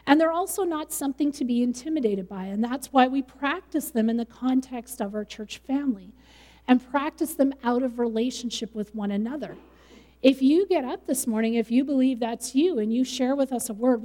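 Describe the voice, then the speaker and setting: A woman's voice: on the high side, fairly quick, dark tone, long reverb tail. A middle-aged woman pastor preaching a sermon in a conversational way, with light laughs.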